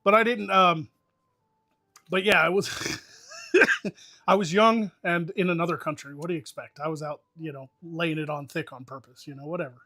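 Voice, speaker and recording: A man's voice: a little high, steady tone, moderate pace, bright, forceful tone. A middle-aged man with a Southern US accent, casually telling stories on a podcast, laughing often and swearing freely. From American South. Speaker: podcast host. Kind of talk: casual chat.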